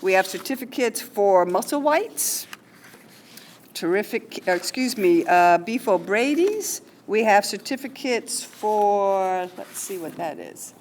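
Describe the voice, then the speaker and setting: A woman's voice: mid-range voice, lively intonation, takes it slowly, a little mellow, a little hiss or hum. A woman running a school award ceremony, chatty and informal, reading teacher nominations aloud. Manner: chatty, informal asides with fillers. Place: school hall or classroom.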